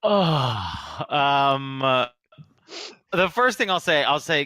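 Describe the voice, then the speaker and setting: A man plays a character in a tabletop role-playing game, his voice bright and smooth on a close, dry mic. He talks eagerly in quick bursts. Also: mid-range voice, lively intonation, dry recording. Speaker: player. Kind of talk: casual tabletop role-play.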